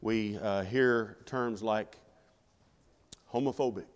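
A man's voice: lowish voice, fairly even intonation, slow pace, in a large hall. A man preaching a sermon in a conversational way, putting rhetorical questions to the congregation. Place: church sanctuary.

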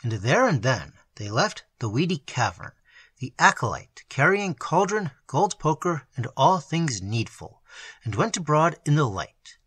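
Husky man reading a dark fairy tale. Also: medium pitch, no room sound. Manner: dramatic, expressive storytelling. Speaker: narrator. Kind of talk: storybook reading.

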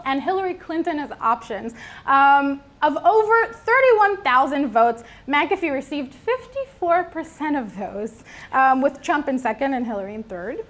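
A young woman from New York co-hosting a casual news show, chatty and reading out comments. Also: high-pitched. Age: young adult. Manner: chatty, reads out comments with filler ums. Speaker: news co-host.

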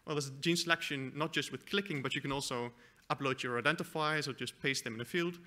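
A man presents at an academic conference. His voice is very bright and sharp. He explains a live demo at an even pitch, with the odd "uh" and restart. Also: quick pace. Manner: explains a live software demo, with fillers and self-corrections. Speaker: conference speaker. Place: conference hall.

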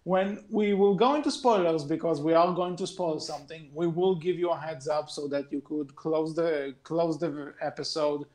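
A man's voice: a little high, moderate pace, hardly any pauses, a little mellow. A man co-hosting a podcast, his voice sitting a little above the usual male range. He talks in a casual, rambling way, hedging and circling back over his points. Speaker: podcast co-host.

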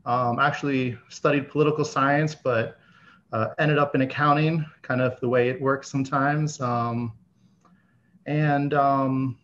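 A man in his thirties who stutters, talking casually as an interview guest, with many pauses and fillers. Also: mid-range voice, fairly even intonation, fairly bright tone. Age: 30s. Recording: slightly dull audio with faint background hiss.

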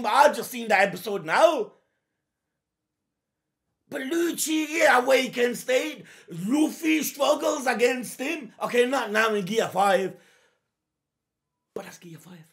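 A man hosting a live manga reaction, excitable and full of slang, breaking into shouted bursts of reaction. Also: very high voice. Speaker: reaction video host.

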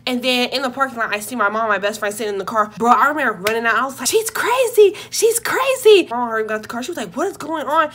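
A woman's voice: on the high side, racing, few pauses. Tired, cussing young woman telling a story. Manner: casual, profane, animated storytelling. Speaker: YouTuber. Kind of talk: storytime vlog.

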